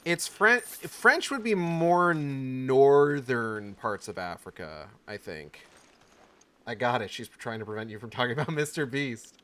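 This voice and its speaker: A man's voice: mid-range voice, very animated, unhurried, fairly bright tone, slight background noise. Swearing man streaming a game. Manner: swears casually, self-mocking, chatty. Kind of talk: let's play commentary. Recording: game music behind.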